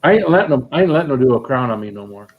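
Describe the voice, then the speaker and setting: A man's voice: mid-range voice, very animated, very fast, breathy edge, phone-quality sound. Blunt, plainspoken man chatting. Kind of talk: casual chat.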